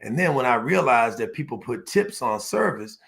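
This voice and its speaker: A man delivers a motivational business speech with a gravelly, creaky edge to his mid-pitched voice. He builds points through repeated phrases and emphatic call-and-response with his audience. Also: sing-song, normal speed, a bit bright. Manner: storytelling, repetitive listing cadence.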